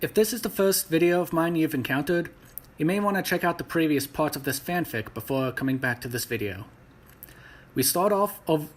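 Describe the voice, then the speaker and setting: A man reading his own fan fiction story aloud in a plain, even manner. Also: a little high.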